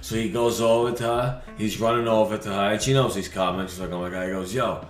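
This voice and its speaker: A man's voice: lowish voice, steady tone, fast talker. A man co-hosting a casual podcast, telling a story in a profane, laughing way. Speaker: podcast co-host. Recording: echoey room, music faint.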